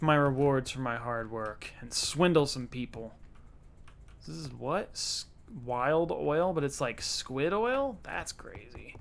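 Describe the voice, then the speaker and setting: A man's voice: fairly high pitch, lively intonation, moderate pace, gravelly. A man giving casual let's-play commentary, chatty and self-mocking, talking to the game's characters. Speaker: gaming YouTuber.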